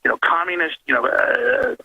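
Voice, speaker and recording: A man's voice: very high-pitched, normal speed, sharp tone. A man calling in to a talk radio show, speaking in a rambling, emphatic way over a phone line. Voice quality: gravelly.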